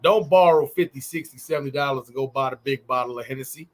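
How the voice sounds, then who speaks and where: A man's voice: medium pitch, fast. A man co-hosting a podcast in casual chat, loose and conversational, often asking "you know what I'm saying". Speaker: podcast co-host.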